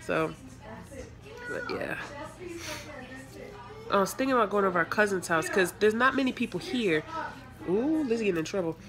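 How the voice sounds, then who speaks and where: A congested young woman with a nagging cough chats to her viewers from a family holiday gathering at home, her voice swinging up and down with animated, teasing remarks aimed at the kids. Music plays in the background behind her. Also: medium pitch, moderate pace, pauses often. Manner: chatty, talks to viewers as "y'all", teasing the kids. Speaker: vlogger. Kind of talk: casual home vlog chat.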